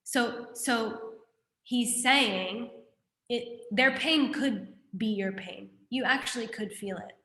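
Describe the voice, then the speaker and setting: In a reverberant space, a woman with a somewhat high voice teaches slowly from a Buddhist text. Her explanation is lively and conversational, and she keeps asking her students questions.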